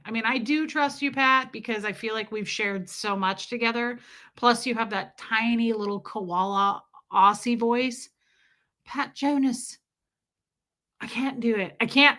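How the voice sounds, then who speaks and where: A woman's voice: fairly high pitch, sharp tone. A woman hosting a live stream, chatting casually and answering viewers' comments one by one in an affectionate way. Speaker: livestream host reading chat.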